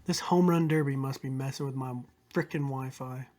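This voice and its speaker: A man's voice: medium pitch, fairly even intonation, normal speed, a little mellow, slight background noise. A young man joining a casual podcast chat, laid-back and joking.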